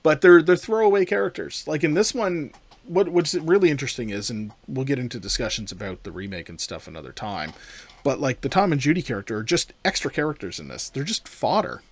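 A man co-hosting a casual talk show, rambling and animated as he discusses a film. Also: mid-range voice, a little fast. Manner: animated, rambling with restarts and playful impressions. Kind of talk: casual chat about a film.

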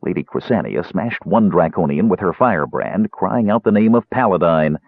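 A man reading a fantasy novel aloud in an expressive, dramatic narration. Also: low-pitched, moderate pace, breathy edge, no echo. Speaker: audiobook narrator. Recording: tinny narrow-band dry recording.

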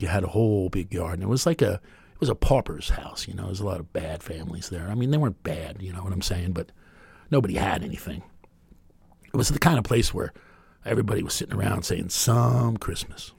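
A man in his fifties telling a rambling, deadpan personal story with wry humor. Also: sits low, fast, vocal fry, slightly rough, dry recording.

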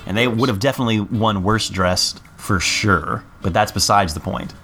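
A young adult man telling a funny story on a casual podcast, jumping up in pitch to mimic other people. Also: moderate pace, soft background music. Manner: animated storyteller, jumps high to mimic people. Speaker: podcast co-host.

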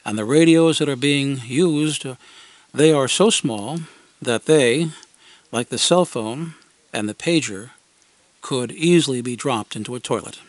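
Reading a scripted first-person tale for an amateur radio show, this commentator uses a mid-range voice at a slightly slow pace. The recording is dry, and his delivery leans on wry, deadpan humor and acted-out quotes.

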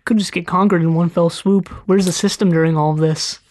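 Podcast co-host, middle pitch, casual and chatty, restarts sentences a lot. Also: steady tone, brisk, darkish tone.

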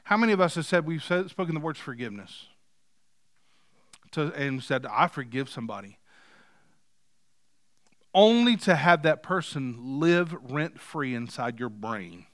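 A male pastor preaching a sermon, moving from quiet scripture reading to loud, emphatic points. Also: a little high, animated, unhurried, long pauses, dry recording, studio quality. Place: church.

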